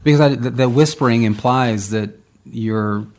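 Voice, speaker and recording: A man's voice: mid-range voice, moderate pace, a little mellow. A man co-hosting a faith discussion podcast, talking in an emphatic, questioning way. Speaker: podcast co-host.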